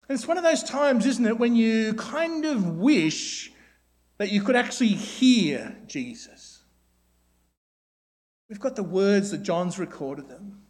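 A man delivering a sermon in a notably high voice. He poses question after question to the congregation and often tags his points with a quick "isn't it?". When he quotes a plea or a prayer, he softens and slows right down. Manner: asks rhetorical questions with tag questions, drops to a soft voice for quoted prayers. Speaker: preacher.

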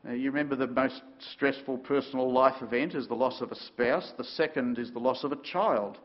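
A man preaching a sermon, telling the story dramatically with sudden shifts between loud and quiet. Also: medium pitch, brisk, dull audio.

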